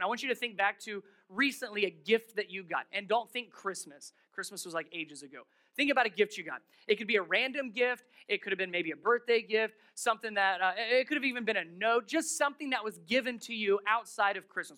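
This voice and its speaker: Middle-aged pastor, man, high bright voice, lively sermon delivery with playful voiced-out quotes. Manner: animated, playful, with acted-out quotes.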